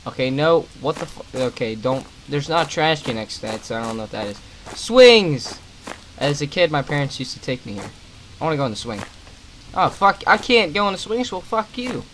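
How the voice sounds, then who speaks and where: A man's voice: mid-range voice, lively intonation, a little fast, sharp tone, slight background noise, poor audio. A young man commentating a horror game as he plays, swearing often and tossing out sarcastic, irritated asides. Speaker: gaming commentator. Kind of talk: let's play commentary.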